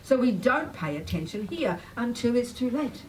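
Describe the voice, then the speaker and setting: An older woman teaching a public Buddhist talk, blunt and emphatic, pitch swinging up when she makes a point. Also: sing-song, normal speed, a little mellow, recorded from a distance, rough recording. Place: talk venue. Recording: faint noise, voice a bit off-mic.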